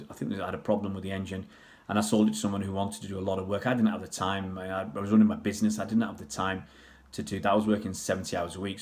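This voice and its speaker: Chatty low-voiced man rambling to viewers. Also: darkish tone. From Pakistan, raised in England. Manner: rambling, chatty, many restarts and fillers. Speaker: vlogger answering viewer questions. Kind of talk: casual livestream chat.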